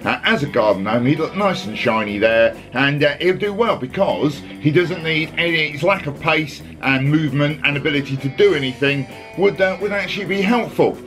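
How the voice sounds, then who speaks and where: A man's voice: on the high side, animated, moderate pace, hardly any pauses, a bit bright, faint music behind. A man hosting a casual football chat, sarcastic and exasperated, rambling with restarts. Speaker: podcast host.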